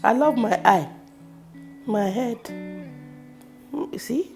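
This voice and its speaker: A Nigerian actress telling personal stories in a casual, expressive way, with sudden loud bursts. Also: female voice, a little high, extremely slow, gravelly. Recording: music playing behind the voice.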